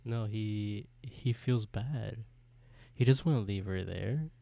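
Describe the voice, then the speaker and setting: Gravelly low-voiced man. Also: slow pace, warm tone, no room sound. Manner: laughs often while retelling. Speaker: podcast co-host. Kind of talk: casual storytelling chat.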